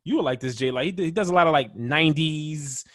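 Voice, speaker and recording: A man as an interview guest, telling stories in an animated, upbeat way. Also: a little high, fast, no echo, studio quality. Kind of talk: casual interview chat.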